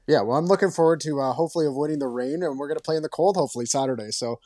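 A man co-hosting a sports podcast who talks quickly and keeps his analysis flowing with enthusiasm. His voice sits in a middle range. The recording is dry, with no room echo. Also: a little high, a little mellow. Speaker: podcast co-host. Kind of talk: casual sports chat.

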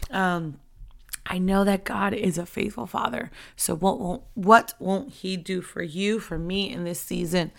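A woman giving an impassioned, conversational devotional talk into a microphone, her fervent delivery rising to shouts. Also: mid-range voice, measured pace, gravelly. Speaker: ministry preacher. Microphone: handheld microphone.

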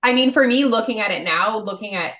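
A woman's voice: mid-range voice, fast talker, fairly bright tone, reverberant. A woman co-hosting a podcast, chatting casually and filling her talk with "like". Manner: chatty, lots of "like" fillers. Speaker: podcast co-host. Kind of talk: casual chat.

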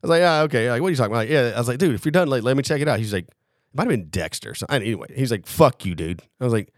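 A man's voice: medium pitch, animated, rapid-fire, no echo, studio quality. A man in casual podcast chat, telling a long story in a rambling, profane way, laughing and acting out what people said. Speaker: podcast co-host, former Marine.

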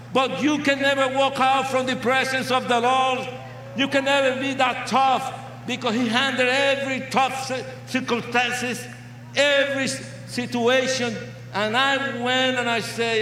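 An older man preaching a testimony sermon with English, impassioned and shouting at the peaks. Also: very high-pitched, a little hiss or hum. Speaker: evangelist. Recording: roomy hall sound.

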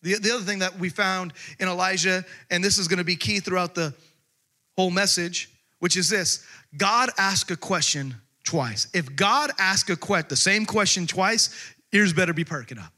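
A man preaching a sermon as pastor, emphatic, his voice swinging from loud outbursts to hushed asides. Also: high voice, moderate pace.

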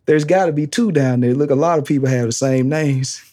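A preacher acting out a nervous male disciple who pleads and makes comic excuses, with a husky, gravelly voice. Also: fairly high pitch, fairly quick, mellow, pitched below the performer's own voice, natural voice. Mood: evasive. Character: anxious, bargaining male disciple.

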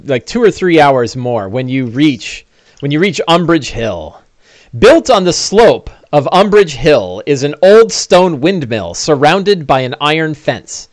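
A man runs a one-on-one tabletop game, narrating scenes with lively, swooping pitch and plenty of "uh"s. His voice sits a bit high, and the recording is close and dry. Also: no room sound. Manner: animated, with many fillers. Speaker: game master.

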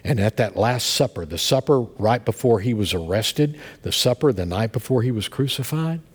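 A middle-aged male pastor preaching and telling a story to his congregation, swinging between soft murmurs and loud outbursts. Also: medium pitch, expressive, moderate pace, breathy edge. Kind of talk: sermon. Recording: long hall reverb.

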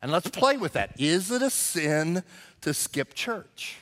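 A man's voice: a little high, sing-song, slow, fairly bright tone, in a large hall. A man preaching a conversational, emphatic sermon as pastor, acting out quotes in character voices.

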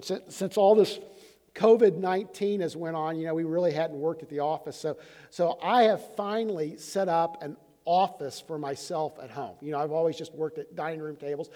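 A man's voice: high-pitched, dark tone. A man in his fifties preaching a conversational sermon as pastor, often restarting and repeating words. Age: 50s. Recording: long hall reverb.

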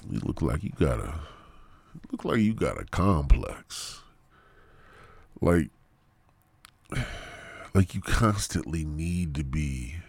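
A man's voice: a bass voice, gravelly, husky, no echo. A man hosting a podcast, ranting crudely in a rambling comedic monologue and swearing constantly, in his thirties. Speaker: podcast host.

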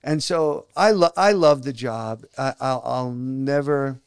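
A man's voice: medium pitch, slow pace, smooth, dry recording, clean studio sound. A man, an actor guest on a talk show, telling stories casually and acting out what people said to him. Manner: animated storyteller who acts out other people's lines. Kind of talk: casual storytelling interview.

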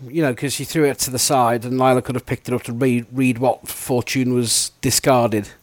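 A man's voice: mid-range voice, fairly even intonation, normal speed, no echo. A man chatting casually on a book podcast, musing and correcting himself as he goes. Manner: wandering, self-correcting musings. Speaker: podcast co-host. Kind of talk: casual book-club chat.

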